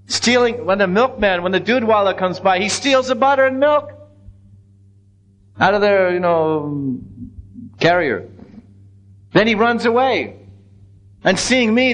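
Animated male devotional storyteller. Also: high-pitched, measured pace, pauses often, poor audio. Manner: animated retelling with many restarts. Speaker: religious storyteller.

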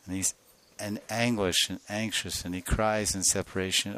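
A man giving a devotional sermon as a spiritual teacher, telling a sacred story with soft laughs and acting out the voices of its figures. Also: fairly low pitch, little pitch movement, moderate pace, few pauses, dry recording. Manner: laughs softly between phrases.

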